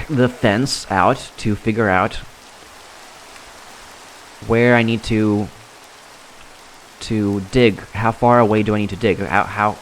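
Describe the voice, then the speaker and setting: A man giving casual, rambling commentary while playing a game, halting and restarting his sentences often. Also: on the low side, slight background noise. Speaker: gameplay commentator.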